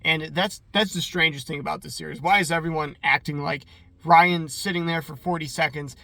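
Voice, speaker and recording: A man's voice: fairly high pitch, steady tone, brisk, creaky, sharp tone, dry recording. A man chatting casually as he recaps a TV episode, rambling and filling his talk with "like". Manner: rambling and chatty, heavy use of "like". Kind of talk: casual commentary.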